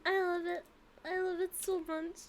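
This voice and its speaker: A woman's voice: extremely high pitch, level tone, normal speed, a little hiss or hum. A young woman streaming a game, chatting casually and gushing emotionally with giggles. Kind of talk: casual live-stream chat. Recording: loud game music behind.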